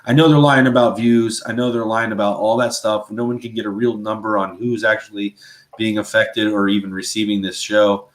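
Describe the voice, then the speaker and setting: Lowish-voiced guy rambling earnestly on his faith show, lots of "right?" and "you know". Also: steady tone, a little fast. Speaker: podcast co-host. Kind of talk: casual religious talk show.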